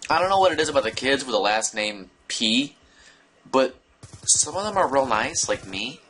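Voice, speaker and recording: A young man telling a story casually to his viewers, rambling and digressing with an animated delivery. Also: mid-range voice, normal speed, husky. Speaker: vlogger.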